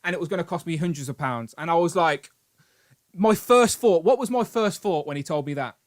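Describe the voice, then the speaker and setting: A British man hosting a live stream, telling a long story in an animated, rambling way with grumbling asides. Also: fairly high pitch, a little fast. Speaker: host. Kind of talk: casual live-stream chat.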